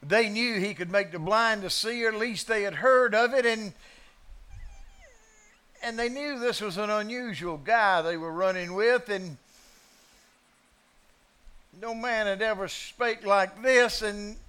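A high-pitched male preacher who talks slowly and with weight. His tone is forceful and bright. He shifts between quiet asides and loud, dramatic declarations. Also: clean tone. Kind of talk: sermon.

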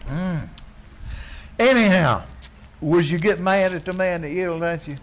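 Fiery preacher, high voice. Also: male voice, expressive, a little slow. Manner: blunt, folksy, swings from quiet asides to yelling. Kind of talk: fiery sermon.

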